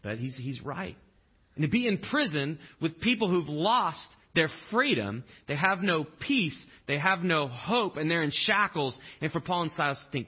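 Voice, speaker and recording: Husky male pastor preaching casually. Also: fairly high pitch, sing-song, normal speed, highs cut off. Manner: conversational and humorous, acts out quotes. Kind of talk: sermon.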